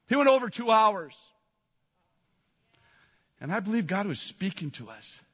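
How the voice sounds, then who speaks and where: A man preaches to his congregation in a high, bright voice, building to excited shouts as he tells a story. His words ring out with a long reverb in a big hall, and the recording sounds a little dull. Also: husky. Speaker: pastor. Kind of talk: sermon.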